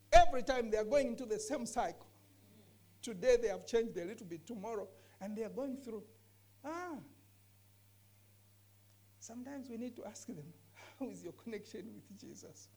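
Woman, scripture teacher in a discussion; earnest, emphatic, repeats points, lively pitch. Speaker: bible teacher.

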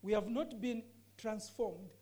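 A woman's voice: mid-range voice, unhurried, mellow, slightly rough. A woman teaching scripture during a discussion, earnest and emphatic, often repeating her key phrases. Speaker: bible teacher.

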